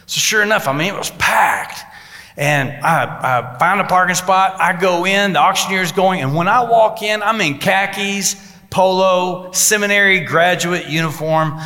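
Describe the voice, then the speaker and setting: A pastor tells a story from the pulpit, acting out the people he quotes. His voice is bright and forceful. It rings with the long reverb of a large sanctuary. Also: on the high side, normal speed. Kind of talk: sermon storytelling.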